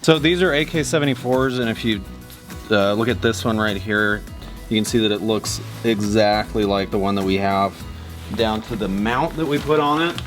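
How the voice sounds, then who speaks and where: A man with a fairly low voice calmly explaining details of replica guns. He is plain and matter-of-fact, and faint music runs underneath. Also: moderate pace.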